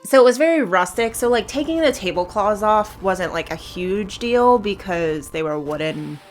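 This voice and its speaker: A woman's voice: medium pitch, expressive, moderate pace, faint music behind. A woman co-hosting a video game playthrough, chatting casually and telling rambling stories. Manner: chatty, rambling storyteller who laughs often. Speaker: let's play co-host. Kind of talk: casual chat over gameplay.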